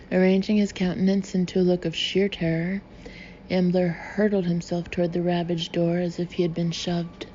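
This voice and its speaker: A woman reads an audiobook in a low, level, measured voice with a warm, mellow tone. The recording is slightly dull, with a faint hiss underneath. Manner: even, measured reading. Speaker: audiobook narrator. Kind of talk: scripted audiobook narration.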